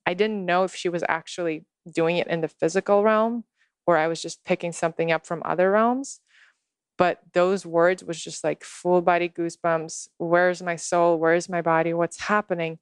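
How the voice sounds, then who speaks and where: Earnest low-voiced woman telling a story. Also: steady tone, clear, resonant tone, no room sound. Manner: earnest, spiritual, unhurried. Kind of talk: personal storytelling in conversation.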